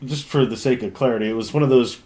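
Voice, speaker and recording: A man's voice: medium pitch, fairly even intonation, quick pace, a little mellow. A man co-hosting a live stream, teasing his friend with dry interjections. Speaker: co-host. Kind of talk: casual live-stream chat.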